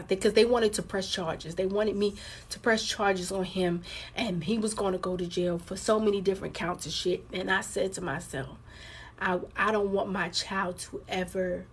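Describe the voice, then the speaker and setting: Livestream host: a husky-voiced woman telling her viewers a personal story, candid and conversational. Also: medium pitch. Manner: candid, conversational, addresses viewers as girl and y'all.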